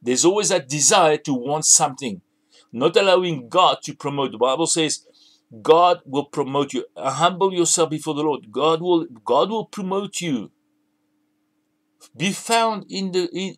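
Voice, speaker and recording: A man preaching a sermon, emphatic, repeating and restarting phrases as he builds his points. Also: fairly high pitch.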